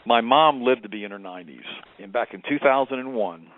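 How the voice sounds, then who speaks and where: A man in his fifties from the United States, a radio guest telling an impassioned story that rises in pitch when he quotes. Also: a little fast. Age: 50s. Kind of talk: radio interview. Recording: tinny phone line, dry.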